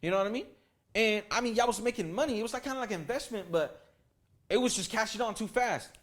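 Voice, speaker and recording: A man with a high voice records a casual storytime at home, speaking to his camera and his fans. He swears freely and drops into the voices of the people he talks about. His pitch swings up and down a lot as he goes. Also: lively intonation, quick pace. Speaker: storytime vlogger. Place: at home, indoor room with lights rigged. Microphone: camera mic.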